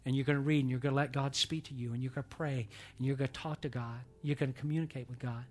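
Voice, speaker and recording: A male pastor preaching a sermon, emphatic, swinging between loud pushes and quiet asides. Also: medium pitch, steady tone, quick pace, faint music behind.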